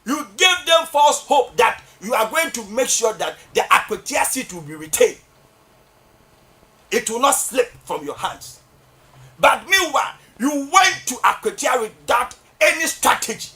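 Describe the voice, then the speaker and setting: A Ghanaian man with a Ghanaian accent giving fiery political commentary on a talk show, scolding and often shouting for emphasis. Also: extremely high pitch, big pitch swings, measured pace. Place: radio or TV studio.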